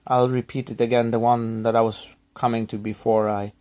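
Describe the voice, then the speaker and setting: A man recovering from illness, talking to his viewers in a subdued, halting, apologetic way with many restarts. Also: mid-range voice, flat delivery, darkish tone. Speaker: YouTuber thanking subscribers. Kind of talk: rambling personal vlog.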